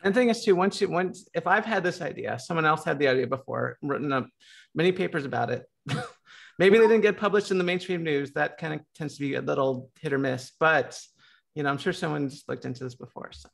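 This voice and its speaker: Gravelly American man, filler-heavy talk. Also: a little high, fairly quick. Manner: lots of filler words and restarts. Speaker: panelist. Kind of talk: casual panel discussion.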